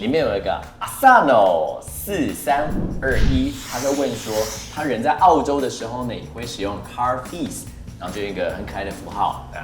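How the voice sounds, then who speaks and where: A man from Taiwan co-hosts an English lesson, chattily reading out viewer questions with playful asides. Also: medium pitch. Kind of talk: casual teaching chat. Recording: echoey studio with music behind.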